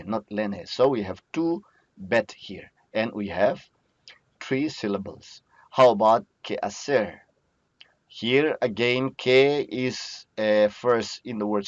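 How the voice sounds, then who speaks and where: A man with a lowish voice and talks through a recorded lesson at an unhurried pace, repeating each word to drill it. The sound is dry and dull, like a plain lo-fi recording. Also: no echo. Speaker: Biblical Hebrew teacher. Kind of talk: recorded lecture over slides.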